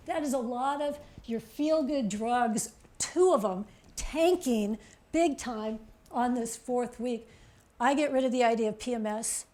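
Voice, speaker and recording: A woman author giving a chatty, animated presentation to an audience, pointing things out on a chart and checking in with "okay?". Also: fairly high pitch. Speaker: author giving a public talk.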